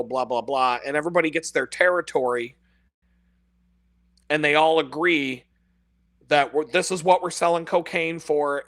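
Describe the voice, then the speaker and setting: Swearing, laughing man ranting, bright and dry. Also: fairly high pitch, dry recording. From United States. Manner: swears constantly, laughs at his own jokes. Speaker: podcast host. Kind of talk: profane casual rant.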